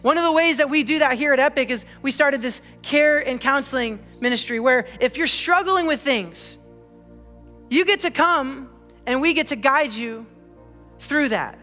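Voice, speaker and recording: A high, bright-voiced pastor delivers an earnest sermon full of personal asides and rhetorical questions. The voice rings out in a church hall with long reverb, and soft music plays underneath. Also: moderate pace. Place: church auditorium.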